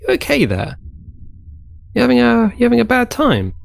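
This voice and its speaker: A gaming channel host with an extremely high, gravelly voice swoops wildly in pitch at normal speed. He gives casual let's play commentary on his own gameplay, chatty and rambling, talking to himself as he goes.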